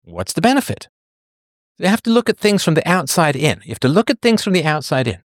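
A man's voice: a little high, sing-song, quick pace, no room sound. Dry-voiced man hosting a comment show. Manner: digressive, laughs often, sardonic asides. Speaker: show host answering viewer comments. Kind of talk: casual livestream monologue.

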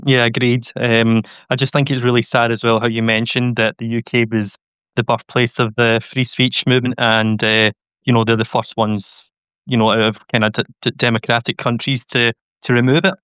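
Earnest flat-voiced male caller with an accent. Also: mid-range voice, normal speed, clear, resonant tone, no room sound. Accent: British or Irish. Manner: earnest, slightly stammering. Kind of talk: call-in conversation.

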